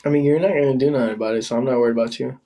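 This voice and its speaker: A man's voice: mid-range voice, fairly even intonation, very fast, dark tone. A man on a casual livestream who taunts his rival and calls out to his viewers. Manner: taunting, teasing, calling out to viewers. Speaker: livestreamer in a live battle.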